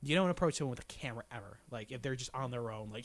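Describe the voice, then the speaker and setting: A young man spills a story at high speed, his speech packed with "like" fillers and casual curses. His pitch sits in an ordinary middle range. The whole thing is relaxed podcast chatter. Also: rapid-fire. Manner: rambling, lots of "like", swears freely. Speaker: podcast guest.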